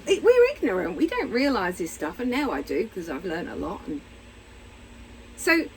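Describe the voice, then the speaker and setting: Woman therapist, middle-aged, casual and frank to camera, very animated delivery, faint hiss behind her. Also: medium pitch, normal speed, poor audio. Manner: candid, blunt, animated, acts out little voices. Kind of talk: casual explanatory talk to camera.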